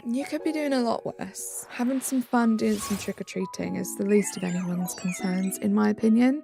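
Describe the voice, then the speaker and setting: A woman's voice: medium pitch, normal speed, creaky. A young woman from England, live streaming and chatting back to viewer comments in a casual way. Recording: faint music behind.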